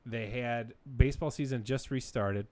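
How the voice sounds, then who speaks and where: A man in his thirties co-hosting a casual podcast, telling stories with animated energy and frequent laughs. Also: medium pitch, moderate pace. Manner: animated storyteller, laughs often. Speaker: podcast co-host. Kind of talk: casual chat.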